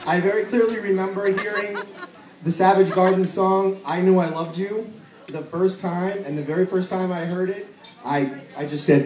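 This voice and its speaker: A man's voice: sits high, fairly even intonation, normal speed, a little mellow. A middle-aged man giving a toast as a father at a family celebration, a fond, joking storyteller. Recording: echoey hall, mic heard from far, crowd behind.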